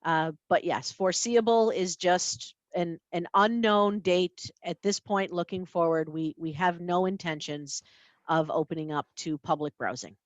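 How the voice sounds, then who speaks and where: A woman, the library's chief executive, giving her report at a board meeting and explaining her decisions in a measured way with a few fillers. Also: lowish voice, no echo. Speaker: library CEO.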